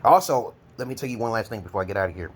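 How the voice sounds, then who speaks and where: Male vlogger, profane rambling monologue, loud laughing outbursts, faint noise. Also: expressive, rapid-fire. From Brooklyn, New York. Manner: loud, laughing rants with sudden high shouts.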